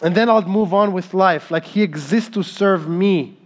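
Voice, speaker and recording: A man in his thirties preaching a sermon as pastor, slow and emphatic in delivery. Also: high voice.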